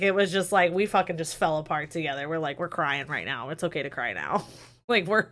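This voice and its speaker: A woman's voice: fairly low pitch, a bit bright. Candid young woman hosting a podcast. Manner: candid and swearing, storytelling with emotion. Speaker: podcast host. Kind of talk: casual chat. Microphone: webcam or desk mic on a live stream.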